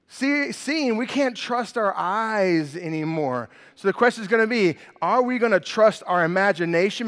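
A middle-aged man preaching with a bright, high-pitched voice, animated and playful as he quizzes his congregation. His words ring out with a long reverb in a large hall. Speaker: pastor. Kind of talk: sermon.

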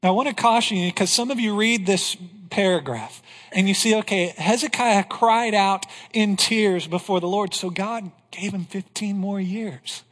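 A male pastor preaching a sermon in a church, emphatic, asking rhetorical questions and dropping to a hush on key lines. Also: sits high, normal speed. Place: church sanctuary. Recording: long hall reverb.

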